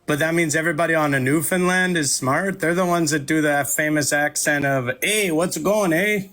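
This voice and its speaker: A man's voice: a little high, fairly even intonation, a little fast, bright, forceful tone, soft background music. A man playing a boastful, argumentative Canadian expat guest on a call-in panel. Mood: bickering. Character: brash Canadian expat man named Butch. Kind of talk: comedic improvised character.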